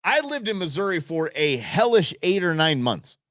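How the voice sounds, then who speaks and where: Host, middle-aged man from Southern California; bouncy, expressive delivery, casual storytelling. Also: a little high, moderate pace, dry recording, clean studio sound. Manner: animated, exclamatory storyteller. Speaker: show host.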